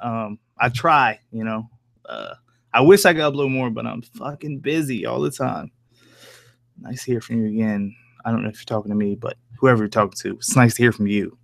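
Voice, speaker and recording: A man's voice: mid-range voice, expressive, a little fast, creaky, no room sound. A man with an accent that blends New Jersey and Southern country talks loosely and casually, reading and answering viewer comments on a live stream. He swears freely and chuckles often, and his voice sits in the middle range. The sound is close and dry. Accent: mix of New Jersey and American Southern country. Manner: loose, laid-back and profane, with frequent chuckles. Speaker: horror story narrator live-streaming. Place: at home.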